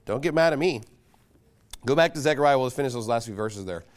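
A man preaching a sermon as pastor, emphatic and mocking, pressing his points with loud insistence. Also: mid-range voice, animated, fairly quick. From United States.

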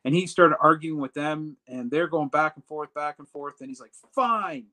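A man telling a personal story in a casual, animated way, acting out the dialogue as he goes. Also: fairly high pitch, normal speed, low-quality recording. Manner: animated retelling that acts out quoted dialogue. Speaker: storyteller recounting a personal trip.

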